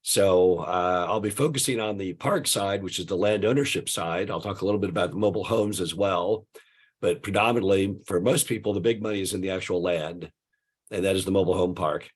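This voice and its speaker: A man in his sixties, hoarse and gravelly from the flu, giving a relaxed talk full of "uh" fillers over a video call. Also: low-pitched, a little fast. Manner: relaxed storytelling with many "uh" fillers. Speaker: guest speaker. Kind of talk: conversational webinar presentation.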